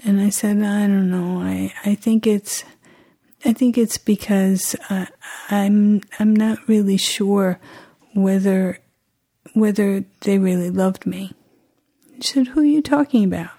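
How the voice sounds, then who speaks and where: A middle-aged woman tells a personal story in a reflective, halting way, frequently restarting her sentences. Her voice is medium in pitch and mellow, with a flat delivery.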